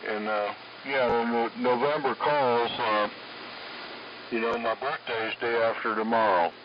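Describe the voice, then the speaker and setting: A man's voice: medium pitch, steady tone, unhurried. A man, checking in on an amateur radio net in a folksy, plainspoken way, heard over distant lo-fi radio with static. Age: 70s. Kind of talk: ham radio chat.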